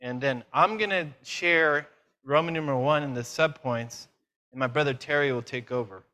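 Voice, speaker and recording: A man preaching a conference sermon, lively and self-mocking, firing questions at the audience. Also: medium pitch, normal speed. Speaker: conference speaker.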